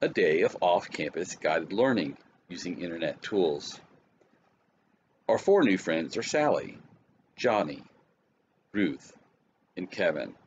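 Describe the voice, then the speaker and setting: A man giving calm, scripted narration for a school video. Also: low-pitched, slow pace, long pauses, dull audio, slight background noise. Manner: calm, even announcer delivery.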